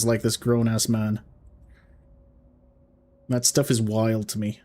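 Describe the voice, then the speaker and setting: A man's voice: fairly low pitch, flat delivery, slow, mellow, slight background noise. A man in his forties with a mix of British-school and Texan accent, chatting casually and self-deprecatingly while playing a game. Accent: mixed British-school and Texan. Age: 40s. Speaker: game streamer. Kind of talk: casual gaming commentary.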